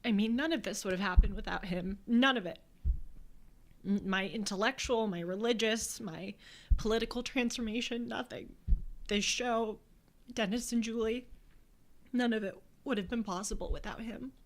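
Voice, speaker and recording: Young woman, podcast host, heartfelt, soft-spoken, tearful farewell. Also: fairly high pitch, normal speed. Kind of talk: emotional farewell address.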